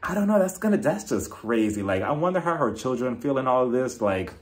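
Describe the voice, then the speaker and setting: A young man casually reviewing a reality show episode on his vlog, gossipy and quick to laugh, often slipping into impressions of the cast. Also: medium pitch, big pitch swings. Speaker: TV recap reviewer.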